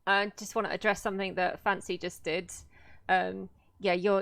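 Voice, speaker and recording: A woman's voice: mid-range voice, little pitch movement, creaky, a bit bright, no room sound. Woman game master setting the scene. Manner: unhurried, descriptive scene-setting. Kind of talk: narrating a tabletop game on a livestream.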